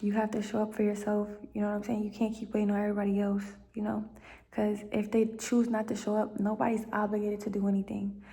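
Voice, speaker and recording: A woman's voice: mid-range voice, monotone, fast talker, dark tone. A young woman talking at home in a casual, heartfelt monologue, rambling with many fillers and dropping into near-whispers. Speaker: vlogger giving life advice.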